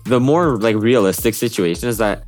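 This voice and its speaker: A young man in casual podcast chat, laid-back and quick to agree or push back. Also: on the low side, darkish tone, faint music behind.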